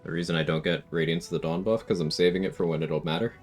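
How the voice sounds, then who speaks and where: A man with a very low, deep voice talks through his game live on stream, casual and matter-of-fact as he lays out his reasoning. Faint game music plays quietly behind him. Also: fairly even intonation, quick pace. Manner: matter-of-fact, explains tactics while playing. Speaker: streamer playing a challenge run.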